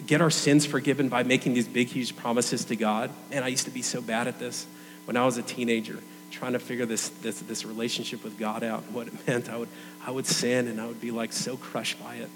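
A man's voice: medium pitch, level tone, fairly quick, long reverb tail, slight background noise. A young adult man preaching a sermon in a conversational, earnest way.

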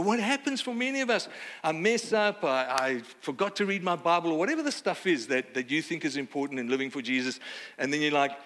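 A man from Australia with an Australian accent, preaching a sermon in a lively, conversational way with playful asides. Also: fairly high pitch. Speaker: pastor. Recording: long hall reverb.

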